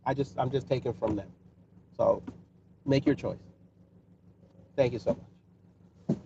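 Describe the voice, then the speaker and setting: New male streamer, taunting and coolly threatening, set back from a muffled mic with clear background noise behind. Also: mid-range voice, a little slow, recorded from a distance. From New York City. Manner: taunting, mocking, calmly menacing. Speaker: livestream host answering chat. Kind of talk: casual live-stream roasting.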